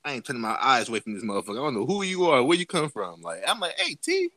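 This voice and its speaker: A man's voice: medium pitch, big pitch swings, rapid-fire, sharp tone, no room sound. A man casually telling a profane story to friends on a podcast, acting out the people he quotes with big jumps in his voice. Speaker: podcast host.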